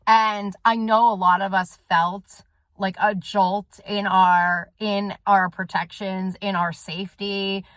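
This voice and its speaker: A woman delivers a fast-flowing, rambling vlog monologue, intense and heavy on profanity. Her voice sits in a middle register for a woman, and the recording is close and dry with almost no room sound. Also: medium pitch, fairly bright tone, no room sound. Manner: intense, rambling, swears often. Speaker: soul coach and vlogger. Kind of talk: casual direct-to-camera monologue.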